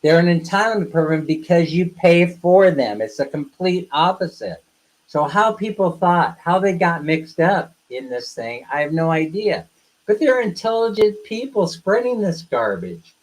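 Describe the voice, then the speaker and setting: A man's voice: a little high, expressive, moderate pace, poor audio. A man talking casually on a live stream, bluntly ranting at his viewers and then teasing them playfully. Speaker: live streamer, co-host of a couple's channel.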